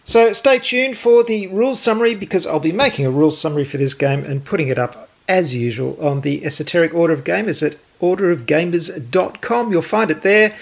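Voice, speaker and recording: Man, board game host, casual unboxing chat, gravelly, jokey, delighted. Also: fairly high pitch. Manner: chatty, jokey, delighted asides while handling pieces.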